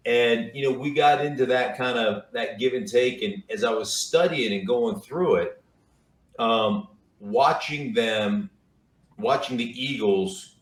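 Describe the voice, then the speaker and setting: A middle-aged man, a football analyst on as a guest, takes it slowly in a mid-range voice as he tells stories in a relaxed chat. His talk meanders with repeated words and fillers, recorded in a roomy space on a distant mic.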